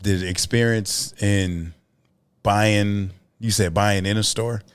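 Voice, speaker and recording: A man, co-hosting a podcast in casual chat, telling animated stories with profanity and lots of repeats. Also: on the low side, slow, clean tone. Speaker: podcast co-host.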